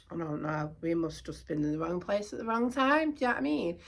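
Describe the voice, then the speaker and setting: A middle-aged woman, talking casually to camera as a vlogger, animated and indignant, repeating herself. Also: fairly low pitch, gravelly.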